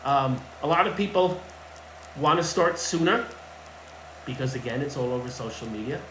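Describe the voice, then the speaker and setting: A man's voice: mid-range voice, expressive, moderate pace, a bit bright, slight background noise. A man working as a fitness coach gives casual advice to camera in a blunt, emphatic way and repeats his key points. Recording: echoey room with faint ambience.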